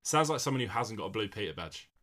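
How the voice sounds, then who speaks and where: A man co-hosting a casual comedic podcast, rambling and acting out film scenes with big jumps in pitch. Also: very animated, quick pace, fairly bright tone. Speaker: podcast co-host.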